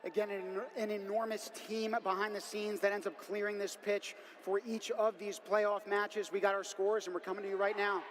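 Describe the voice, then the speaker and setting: A man commentating a robotics competition live from a booth, talking fast and hyped like an announcer. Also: high-pitched, level tone, fairly bright tone. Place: commentary booth in a noisy arena.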